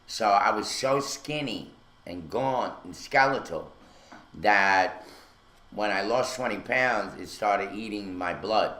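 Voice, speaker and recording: A man tells a winding story in casual radio chat, his voice bright and forceful. He stops often for "uh" and "um" and restarts his sentences. The studio around him sounds echoey and roomy. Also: on the low side, slow pace. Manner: rambling storyteller, many fillers. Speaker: radio show co-host.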